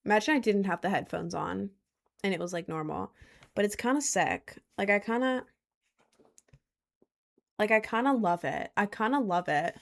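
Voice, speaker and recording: A teenage girl rambling into a headset mic, her mid-pitched voice full of vocal fry. She talks loosely and casually, dropping "like" every few words and laughing at herself now and then. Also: expressive, moderate pace, long pauses. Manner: chatty, many "like" fillers, laughs at herself. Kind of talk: casual rambling chat to viewers. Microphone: headphones with a mic.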